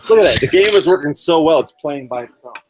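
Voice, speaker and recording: A man hosts a rowdy podcast, trading profane jokes with friends. His voice sits a little high and swings widely as he teases and curses. Steady noise runs under the recording. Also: quick pace. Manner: profane, joking, animated. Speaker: podcast host. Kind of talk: crude casual banter.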